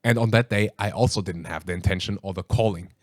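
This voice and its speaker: A man hosting a podcast, telling a story in a lively, laughing way with plenty of fillers. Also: low voice, fast talker, no room sound, clean studio sound. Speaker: podcast host. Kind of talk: casual storytelling conversation.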